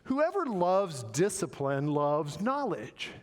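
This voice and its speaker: A man preaching a sermon, animated and playful, acting out quoted voices with joking asides. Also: a little high, slow pace, long reverb tail. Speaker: pastor. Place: church sanctuary.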